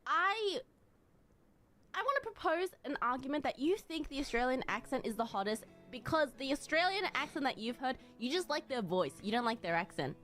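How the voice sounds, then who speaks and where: A woman chats with her co-host on a game stream in a playful, teasing way. Her voice sits a bit high and moves around a lot in pitch, with faint music in the background. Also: sing-song, fairly quick, a bit bright. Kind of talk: casual chat.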